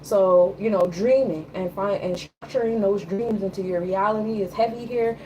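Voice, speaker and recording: A woman's voice: medium pitch, normal speed, warm tone, highs cut off, a little hiss or hum. A woman giving a loose, conversational tarot and astrology reading. She often checks in with her listener. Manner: loose, conversational, repeats "you know what I'm saying". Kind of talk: casual live reading.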